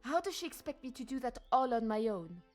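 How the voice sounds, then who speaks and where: An actress playing an anxious young maid who pleads and defends herself, in a game. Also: female voice, a little high, very animated, a little fast, a little mellow, soft background music. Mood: defensive.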